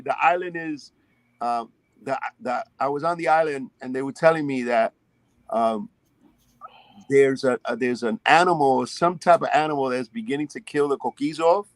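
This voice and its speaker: A man from Spanish Harlem, a podcast guest telling stories in a rambling, animated way with many restarts. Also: fairly high pitch, moderate pace, no echo. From Spanish Harlem, New York. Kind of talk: casual podcast chat. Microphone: remote call.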